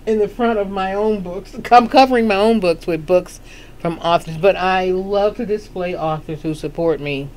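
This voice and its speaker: A woman's voice: lowish voice, moderate pace, a little mellow. A woman hosting a casual book chat, talking in a chatty, sassy way and laughing often. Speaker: host of a book chat show.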